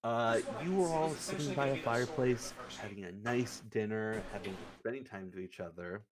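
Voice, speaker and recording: A young man with a medium-pitched voice, speaking at a normal speed, recaps a tabletop game session he ran as game master. His casual recap rambles and includes swearing, recorded on a streaming setup with a crowd audible behind him.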